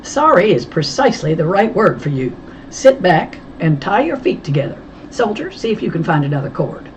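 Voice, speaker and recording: A woman's voice: lowish voice, very animated, normal speed, a little hiss or hum. A woman voicing a stern military man in an audiobook, giving clipped, firm commands. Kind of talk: audiobook character voice.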